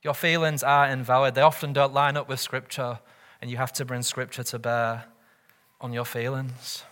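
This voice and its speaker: A man's voice: mid-range voice, flat delivery, moderate pace, fairly bright tone. A man preaching a sermon as pastor, earnest, often asking the congregation rhetorical questions. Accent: British or Commonwealth English.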